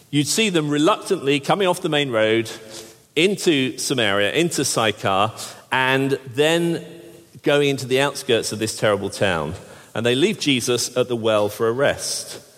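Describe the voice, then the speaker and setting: A man's voice: medium pitch, sing-song, normal speed, fairly bright tone. A man preaching a sermon, with wry, jokey asides and frequent restarts. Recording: long hall reverb.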